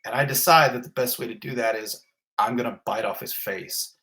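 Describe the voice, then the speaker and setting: A fire captain giving a vivid, blunt first-person account with swearing, in an interview. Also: male voice, medium pitch, brisk, sharp tone. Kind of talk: intense first-person retelling.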